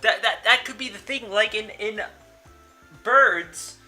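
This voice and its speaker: A man's voice: sits high, slow, sharp tone, faint music behind. A young man hosting a let's-play, reading a visual novel aloud and commenting in a casual, blunt way, swearing freely.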